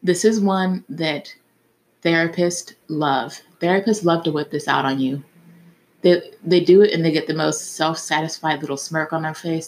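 A woman's voice: low voice, a little hiss or hum. A woman hosting a casual solo podcast, talking candidly and frankly and swearing now and then. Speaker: podcast host.

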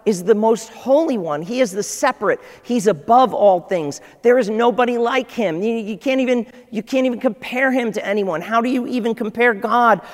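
Male pastor with a high voice, preaching with big swings in volume, echoing in a large church room. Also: moderate pace, hardly any pauses. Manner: dynamic preaching, swinging from loud to hushed. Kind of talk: sermon. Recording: long reverb of a large hall.

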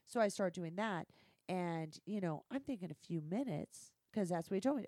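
Low, mellow-voiced woman telling blunt stories. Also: moderate pace, dry recording, clean studio sound. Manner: blunt, profane, animated storytelling. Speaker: guest. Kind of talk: candid podcast storytelling.

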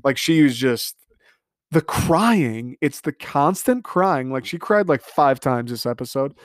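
A young man rants sarcastically through a reality TV recap, swearing often and stacking up fillers. His voice sits at an ordinary middle pitch. It is recorded close and dry, with no room sound. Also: lively intonation, measured pace, no room sound. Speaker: podcast host. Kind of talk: casual solo reality TV recap.

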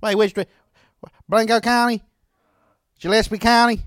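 A high-voiced man plays his character at a tabletop game, full of playful in-character banter. He talks back in a folksy drawl with a cheeky edge. The sound is dry and close to the mic. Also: little pitch movement, a little slow, a bit bright, no echo.

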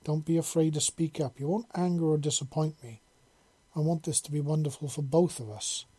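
A man voicing a gentle, lizard-like female lover who speaks softly and coaxingly, quietly commanding. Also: a little high, brisk, breathy edge. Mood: soft, tender.

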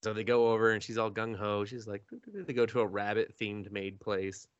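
A man co-hosting a podcast, casually retelling an anime episode with swearing, laughter and quick acted-out voices. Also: fairly low pitch, smooth, no room sound, highs cut off. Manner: animated storytelling with swearing and laughter, acting out characters. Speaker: podcast co-host.

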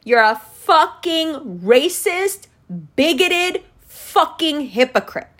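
A woman's voice: high voice, lively intonation, takes it slowly, fairly bright tone. A woman hosting a solo podcast, ranting in a heated, sarcastic and profane way. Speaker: podcast host.

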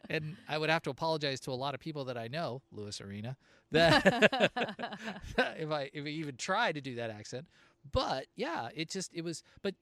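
A man's voice: fairly high pitch, very animated, moderate pace, sharp tone, no echo. A middle-aged man from Southern California hosting a casual chat, telling stories and laughing often. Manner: chatty storyteller, laughs often.

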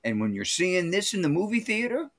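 Middle aged guy on a movie podcast, jokey, teasing, lively ups and downs in his voice. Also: sits high, a little fast. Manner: joking, teasing, animated storytelling. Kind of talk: casual movie review chat.

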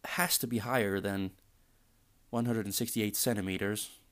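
A man's voice: on the low side, fairly even intonation, moderate pace, a bit bright. A man hosting a podcast, ranting casually in a sarcastic, exasperated way and swearing freely. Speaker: podcast host.

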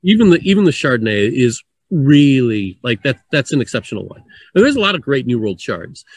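A man in a relaxed, chatty conversation about wine, laughing lightly between points. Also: mid-range voice, a little fast, breathy edge, dry recording. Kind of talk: casual conversation.

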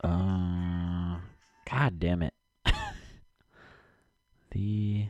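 A man's voice: low-pitched, huge pitch swings, extremely slow, creaky, long pauses, a little mellow, no room sound. A man rambling casually to himself and his audience from his basement, cursing often and muttering while he searches for something.

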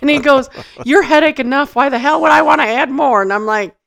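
A woman's voice: sits high, fairly quick, creaky, fairly bright tone. A woman on a podcast telling a funny story in casual chat, acting out quotes, laughing often and swearing. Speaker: podcast co-host.

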